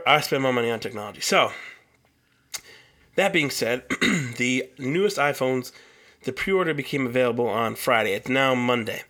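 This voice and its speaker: A man's voice: mid-range voice, a bit bright. A young man hosting a solo podcast, telling a long story in a heated, profane rant. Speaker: podcast host.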